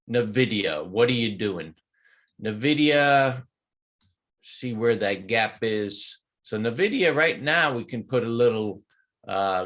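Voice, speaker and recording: Male host, slow and easygoing, chatty folksy talk over stock charts for a live audience. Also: fairly low pitch, fairly bright tone. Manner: folksy slangy chatter, greets viewers in chat. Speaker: stock trading show host. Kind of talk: live pre-market trading commentary.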